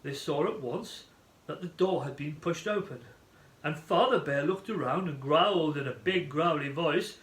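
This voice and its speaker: A man narrating a children's story in an animated, expressive manner. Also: fairly high pitch, normal speed. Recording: echoey room.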